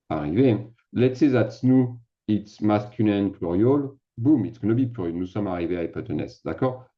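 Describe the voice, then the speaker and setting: A man's voice: sits low, highs cut off. A man teaching a casual lesson, chatty and self-mocking as he thinks aloud while typing. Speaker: French teacher. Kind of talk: casual screen-share lesson.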